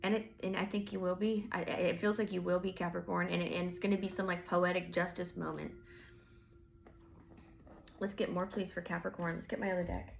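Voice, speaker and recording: Gravelly woman rambling through a tarot reading. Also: fairly low pitch, little pitch movement, a little fast, a little hiss or hum. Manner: rambling, filler-heavy, casual swearing. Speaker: tarot reader. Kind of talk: casual tarot reading monologue.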